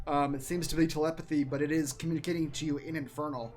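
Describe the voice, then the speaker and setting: A man's voice: a little high, flat delivery, fast, a little mellow, faint music behind. A man running a tabletop game as game master, with a hesitant, easygoing manner.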